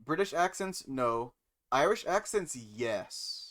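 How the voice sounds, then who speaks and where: A man streaming live, reading code aloud and musing to chat with many pauses and fillers. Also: on the high side, big pitch swings, a bit bright. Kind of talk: casual live-stream chat while coding.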